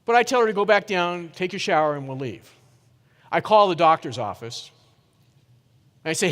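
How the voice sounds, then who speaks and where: A middle-aged man giving a keynote talk, telling a story in a lively way and putting questions to the audience. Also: high-pitched, normal speed, pauses often. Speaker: keynote speaker. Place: conference hall. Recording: reverberant conference hall.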